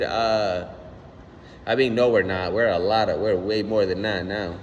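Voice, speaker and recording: A young man ranting casually on his own channel, animated and slangy, swearing often and repeating "son". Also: on the low side, normal speed, in a large hall, a little hiss or hum. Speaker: vlogger. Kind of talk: casual rant.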